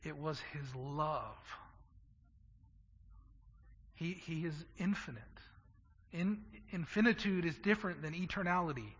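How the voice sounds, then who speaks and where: A man with a high, bright, husky voice preaches a passionate sermon, doubling words as he presses his points. The sound is dull and lo-fi, carried by a long echo from a large hall. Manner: impassioned, stammering repeats for emphasis.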